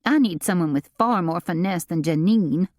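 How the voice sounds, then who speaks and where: A woman's voice: on the low side, normal speed, a little mellow, no echo, studio quality, lightly acted. A woman reading an audiobook and voicing a panicky, self-dramatizing society woman who wails and pleads. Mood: frantic pleading. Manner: wailing, pleading, melodramatic.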